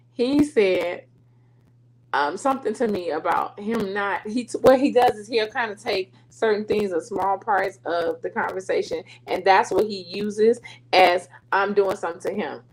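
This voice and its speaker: Middle-aged woman, faith show host, chatty and animated storytelling, laughs a lot. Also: mid-range voice, a little hiss or hum, low-quality recording. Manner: animated, laughing, slips into dialect and quoted voices. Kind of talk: casual storytelling to listeners.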